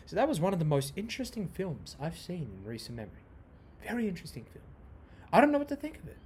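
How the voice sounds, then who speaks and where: A little hiss or hum accompanies this young podcast host, whose darkish voice sits high, moves quickly, and swings widely in pitch. He delivers a loose, profane monologue that repeats itself and strays onto tangents.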